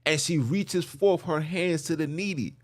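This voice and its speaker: A man hosting a podcast in casual religious talk, telling stories in an animated way with street slang. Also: a little high, measured pace, dry recording, clean studio sound. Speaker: podcast host.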